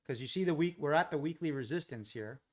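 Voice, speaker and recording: A man's voice: on the high side, expressive, fast talker. American man chatting on a trading stream. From Los Angeles, USA. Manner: chatty, thinks aloud, talks to chat viewers. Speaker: live trading stream host. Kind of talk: casual live-stream commentary.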